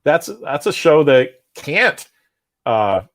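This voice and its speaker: This male guest has a voice on the high side and takes his time as he speaks in a casual comics chat. He's lively and talkative, going on at length and tacking "right?" onto his points.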